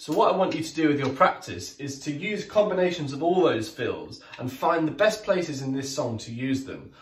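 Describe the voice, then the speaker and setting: A man's voice: a little high, animated, moderate pace. A man teaching drums in a friendly way, counting aloud and singing the beats with his mouth. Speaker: drum teacher. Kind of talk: music lesson. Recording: echoey room, mic at a distance, music playing.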